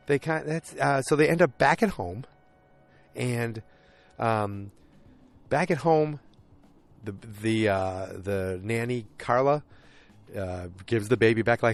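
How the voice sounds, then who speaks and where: A man with a somewhat low-pitched voice hosts a solo podcast, recapping a TV episode in a loose, chatty way. He keeps breaking into short acted-out voices for the characters he describes. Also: no echo. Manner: animated retelling, acts out characters' lines in quick put-on voices. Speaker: podcast host.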